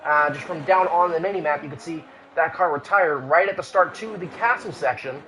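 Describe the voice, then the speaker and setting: A man calls an online racing qualifying session live, his voice sitting a little high. He keeps going with lots of "uh" fillers and restarts. A faint hiss of noise runs under the recording. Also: fairly quick, bright, forceful tone, poor audio. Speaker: race commentator. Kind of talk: live sim racing commentary.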